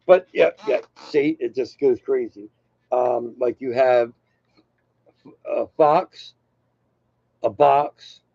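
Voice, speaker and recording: An older man rambles through a casual monologue as host of his own channel. His voice is gravelly and dark, and the recording sounds dry and dull, close and lo-fi. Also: medium pitch, no room sound. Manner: rambling, loose, self-deprecating asides.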